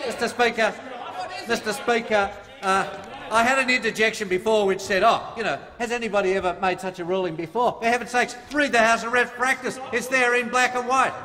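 A man's voice: high voice, fairly even intonation, a little fast, crowd noise. An Australian man, a member of parliament, making a combative debate speech and reading out the rules. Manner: combative, reads from the rulebook. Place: large parliament chamber. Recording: long reverb of a large hall.

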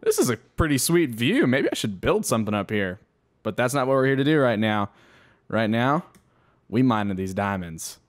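With a sing-song, mid-range voice at a moderate pace, a gaming channel host chats through his own gameplay. It's easygoing let's-play commentary, directed at himself and the animals on screen.

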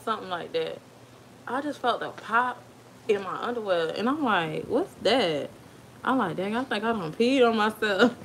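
A young woman with an African American Vernacular English accent tells her birth story as a casual storytime, chatty and laughing often while talking to kids off camera. Her voice is mid-range, with a little hiss or hum in the audio.

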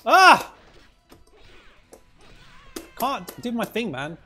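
A man's voice: fairly high pitch, sing-song, moderate pace, creaky, soft background music. A man chatting casually to his viewers while streaming a fighting game. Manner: chatty, exclaiming, talking to chat. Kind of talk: casual livestream commentary.

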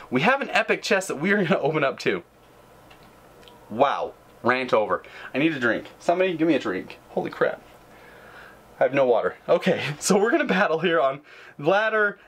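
A man hosting a gaming channel, giving live gameplay commentary, ranting in frustration, with sudden high outbursts and low mutters. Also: a bit bright, rough recording.

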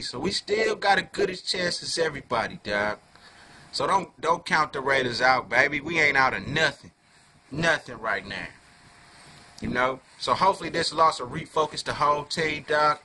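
A man giving a heated fan rant to camera, full of profanity and street slang, dropping low then flaring into loud outbursts. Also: moderate pace, a crowd in the background. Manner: profane slangy talk, keeps calling listeners "dog"; swings from low muttering to loud angry outbursts. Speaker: fan video reviewer.

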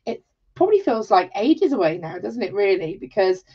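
An English woman hosts a live craft stream with warm, chatty talk, greeting viewers by name and exclaiming often. Her voice sits at an ordinary middle pitch. The livestream audio sounds slightly dull. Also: big pitch swings, normal speed, slightly rough. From England. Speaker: host of a live jewellery-making tutorial.

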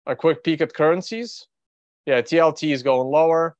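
A fairly high-pitched, slightly mellow voice belongs to a Russian trader who hosts a casual market-commentary livestream, rambling bluntly and offhandedly as he thinks aloud. He speaks at normal speed; there's no echo, and the recording is dry and slightly dull.

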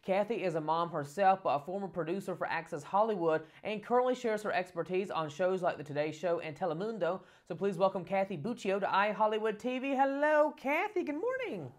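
A woman's voice: lowish voice, fairly quick, hardly any pauses. A woman hosting an entertainment show interview, chatty and playful with her guest. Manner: chatty, playful, laughs easily. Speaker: show host.

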